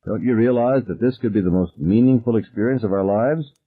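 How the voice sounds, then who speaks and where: Man voicing a teenage girl, cold, superior, lecturing, husky. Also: fairly low pitch, a little fast, phone-quality sound, pitched above the performer's own voice, natural voice.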